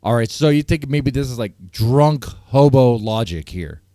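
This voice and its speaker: A man's voice: mid-range voice, lively intonation, measured pace, warm tone, dry recording, clean studio sound. A man hosting a casual live-stream panel, ranting and repeating himself, breaking into laughter often. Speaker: stream host.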